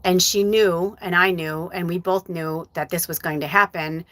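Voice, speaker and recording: A woman's voice: on the low side, normal speed, no room sound. A woman hosting a live show as a psychic medium, talking frankly and with plenty of swearing as she tells a personal story. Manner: candid, profane, animated storytelling. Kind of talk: casual livestream talk.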